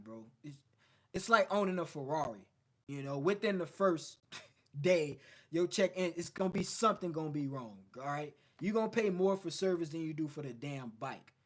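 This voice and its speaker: A man with a fairly high voice talks straight to his viewers like a coach. His delivery is blunt and loose, salted with profanity and driven by storytelling from his own life. It sounds like an unscripted motivational livestream. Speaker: men's self-improvement coach. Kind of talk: casual motivational livestream talk.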